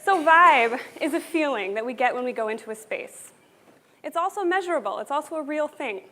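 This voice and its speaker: High-voiced woman giving an upbeat keynote. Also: expressive, brisk, pushed and bright, slight background noise. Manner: upbeat, earnest and conversational. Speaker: conference speaker. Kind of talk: keynote talk to a live audience. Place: conference venue with an audience.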